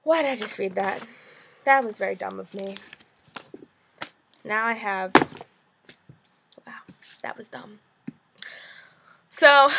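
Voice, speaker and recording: A woman's voice: medium pitch, creaky, bright, forceful tone. Woman, vlogger, earnest read-aloud of a novel, then chatty and self-deprecating. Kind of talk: reading a novel passage aloud, then casual chat.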